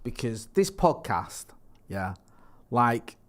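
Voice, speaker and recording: In a slow, sing-song, medium-pitched voice, this man co-hosts a podcast. The chat is casual, rambling, and full of jokes, and he reads news reports aloud.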